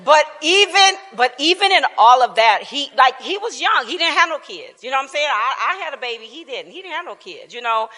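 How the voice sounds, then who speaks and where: A woman in her fifties sharing a personal testimony at a Bible class, telling it in an animated way, laughing often and dropping to quiet tones. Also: high voice, brisk, hardly any pauses, long reverb tail. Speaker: church speaker sharing testimony. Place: church hall.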